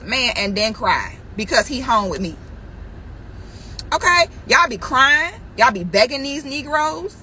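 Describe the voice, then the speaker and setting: A woman's voice: high-pitched, bright, forceful tone, a little hiss or hum, low-quality recording. A woman vlogger telling a story and ranting straight to her viewers, acting out what people said and laughing often. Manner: acts out quoted voices, laughs often, addresses viewers directly. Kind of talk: animated storytelling rant.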